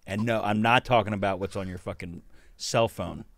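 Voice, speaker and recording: Wry low-voiced man in casual banter. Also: moderate pace, no echo. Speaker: podcast co-host. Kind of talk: casual chat.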